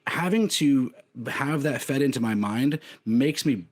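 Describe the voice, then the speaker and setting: A man's voice: mid-range voice, lively intonation, measured pace. A man in his thirties co-hosting a podcast, talking candidly in a rambling way, full of fillers and restarts. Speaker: podcast co-host. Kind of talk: casual chat.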